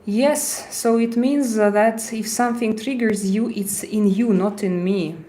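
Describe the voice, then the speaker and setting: A woman with a Russian accent and a mellow, medium-pitched voice hosts a casual livestream. Reading her chat aloud, she answers bluntly, halting and restarting her words and repeating them as she goes.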